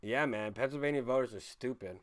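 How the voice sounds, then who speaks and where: A man in a middle register ranting on his live stream. He swears constantly and swings between loud outbursts and low muttering, now and then stopping to read out the chat. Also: brisk. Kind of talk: profane live-stream rant.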